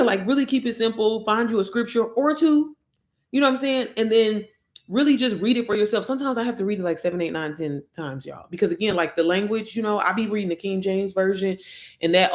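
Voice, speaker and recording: A woman's voice: medium pitch, a little fast. A woman hosting a casual livestream, chatting directly to her viewers and calling them girl and baby, sometimes reading affirmations aloud. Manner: reads out affirmations. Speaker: livestream host.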